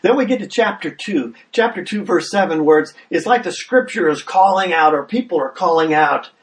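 Pastor guy preaching, kinda high voice, repeats his words a lot, sounds a bit far from the mic. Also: expressive, fairly quick. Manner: earnest, repeats words when starting, builds with rising questions. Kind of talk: sermon.

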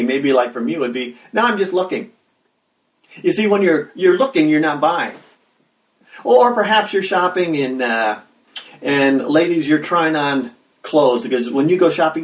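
Male pastor, sermon, high voice, casual preaching, far from the mic. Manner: conversational preaching with loud dramatized exclamations. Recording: roomy sound, mic at a distance.

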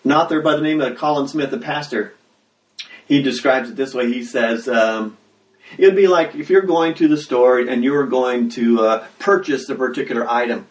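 A man preaching a sermon as pastor, talking conversationally and breaking into loud acted exclamations. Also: mid-range voice, moderate pace. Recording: roomy sound, mic at a distance.

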